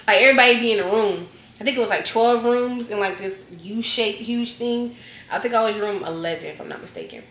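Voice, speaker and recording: A woman vlogger telling a storytime in a casual, slangy way, animated and acting out scenes. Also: a little high, a little fast, a little hiss or hum. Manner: animated, slangy, acts out scenes with loud yells. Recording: echoey room.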